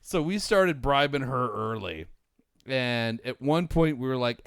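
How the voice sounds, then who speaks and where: A man's voice: medium pitch, takes it slowly, smooth, dry recording. A man in his forties telling a rambling, profane story to friends on a podcast, on a close mic. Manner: rambling, profane, animated anecdote teller. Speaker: podcast co-host. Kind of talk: casual storytelling among friends.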